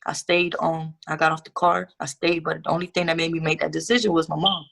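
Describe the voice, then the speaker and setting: A woman's voice: low voice, steady tone, fast talker, creaky, a bit bright. A young woman guest telling her life story in a casual interview, candid and profane with street slang.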